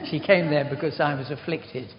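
An older man giving an informal sermon, chatty and rambling, telling self-deprecating stories. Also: fairly high pitch. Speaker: preacher. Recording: dull recording in a reverberant hall.

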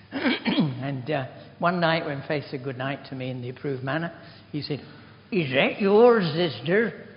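A man's voice: mid-range voice, animated, moderate pace. An older man giving an informal sermon, chatty and rambling, telling self-deprecating stories. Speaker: preacher. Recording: dull recording in a reverberant hall.

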